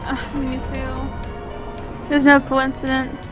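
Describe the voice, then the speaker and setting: A woman giving casual, excitable commentary as she plays through a game, outspoken and swearing when annoyed. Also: high voice, slow, muffled recording. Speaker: gaming channel host. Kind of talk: live gameplay commentary. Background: loud game music.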